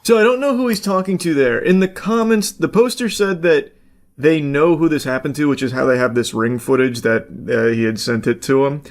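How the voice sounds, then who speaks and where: A man's voice: on the high side, fairly quick. A man giving blunt, casual reaction commentary, talking loosely with plenty of fillers.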